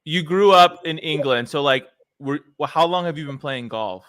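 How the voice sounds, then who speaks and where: A man's voice: on the high side, moderate pace, fairly bright tone, clean tone, dry recording, studio quality. A man hosting a podcast interview, chatting in a casual, laid-back way with plenty of fillers. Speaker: podcast host.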